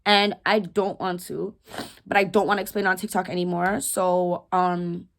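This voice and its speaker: A woman in her twenties talking to camera at home, rambling and candid with slang and dark jokes. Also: on the low side, level tone, normal speed, gravelly. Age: 20s. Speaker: vlogger, widow. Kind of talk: casual talk to camera. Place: home room.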